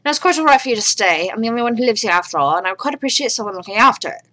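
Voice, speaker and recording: A woman's voice: fairly high pitch, lively intonation, very fast, bright, forceful tone. A woman reading aloud the lines of an elderly man in a horror game, in a plain voice close to her own. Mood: polite. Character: elderly male house owner in a horror game.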